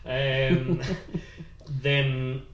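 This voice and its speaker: A man in his thirties from North East England, an actor chatting casually and telling animated stories. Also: mid-range voice, very slow, echoey room, highs cut off, a little hiss or hum. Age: 30s. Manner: animated storytelling, acts out rhymes. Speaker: actor guest. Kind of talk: casual chat.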